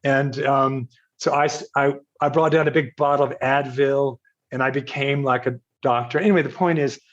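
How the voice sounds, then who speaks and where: A man's voice: mid-range voice, steady tone, moderate pace. An older man from Virginia, a podcast guest, tells a self-mocking story in a casual interview and laughs at himself as he quotes others. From Virginia, United States. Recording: slightly dull, lo-fi audio.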